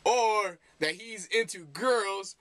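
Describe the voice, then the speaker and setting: A man's voice: high-pitched, slow pace, fairly bright tone, no echo. A young man chatting casually as a vlogger reacting to a video, rambling and laughing at his own jokes.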